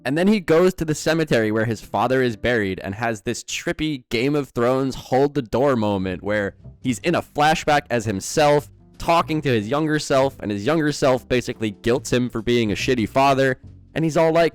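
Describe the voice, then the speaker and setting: A man's voice: medium pitch, expressive, moderate pace, clear, resonant tone, faint music behind. A young man giving a sarcastic, incredulous film review in scripted commentary.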